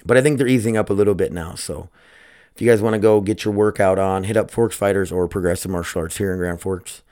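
Low-voiced rambling podcast host, a man. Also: fast talker, a little mellow. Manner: rambling, swears casually, self-talk asides. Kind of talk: casual solo podcast chat. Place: home, dogs nearby. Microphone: close microphone.

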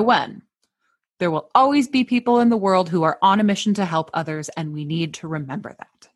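A woman's voice: medium pitch, a bit bright. A woman hosting a podcast, mixing casual chat with a scripted story told in a playful, jokey way. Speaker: podcast host.

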